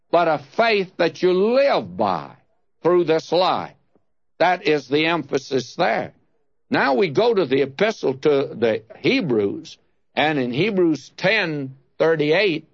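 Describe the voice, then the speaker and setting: Man preaching slow and emphatic, kinda high voice, dry sound, no room. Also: no room sound, highs cut off. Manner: slow, emphatic, rising stress on key words. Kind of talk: expository sermon.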